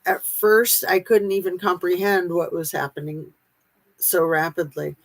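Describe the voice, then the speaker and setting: Reading a memoir aloud, a woman with a slightly low voice moves at a slow, deliberate pace. Her delivery stays steady and unhurried with small pauses, and the audio quality is poor.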